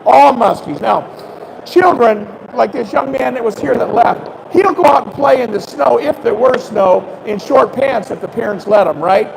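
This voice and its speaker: An older male fishing guide with a high, gravelly voice tells stories at a moderate pace during a seminar on an expo hall stage before a live audience. He animatedly acts out dialogue, coughing and clearing his throat now and then. The low-quality recording carries a slight hiss or hum.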